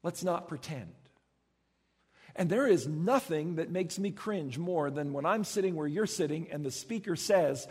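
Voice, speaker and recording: A male pastor delivers a sermon in a high, somewhat husky voice, bringing his stories to life by acting out the people in them. His voice carries a long reverb, as if it is filling a church sanctuary. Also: measured pace. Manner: animated storytelling, acts out voices.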